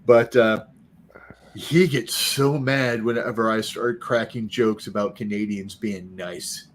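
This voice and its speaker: A man's voice: fairly low pitch, steady tone, slow pace, slight background noise. A man telling a rambling, teasing story in a casual group chat with friends. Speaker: co-host.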